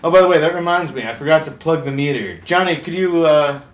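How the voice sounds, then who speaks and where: A man playing a goofy, punning male shark who hosts a comedic late-night talk show, delivering a deadpan monologue and chuckling at his own jokes. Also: a little high, fast talker, close to an everyday voice. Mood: wry. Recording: roomy echo with faint background hum.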